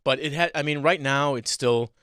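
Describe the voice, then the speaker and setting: A man's voice: on the high side, fairly bright tone, smooth, no room sound, clean studio sound. A man from Massachusetts co-hosting a casual chat and taking a call from a viewer. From Massachusetts South Shore. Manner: chatty, quick asides and laughs. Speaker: co-host.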